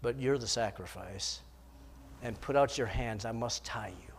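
A man dropping low and quiet to play old Abraham, a grieving father who stays resolute. The voice sinks well below the preacher's usual pitch and falls near a whisper. It is heavy with sorrow, as in a retold sermon story. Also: sing-song, measured pace, slight background noise. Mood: anguished.

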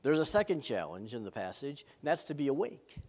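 A man's voice: medium pitch, sing-song, fairly quick. A middle-aged man, a pastor, preaching a sermon in an earnest way with self-deprecating humor.

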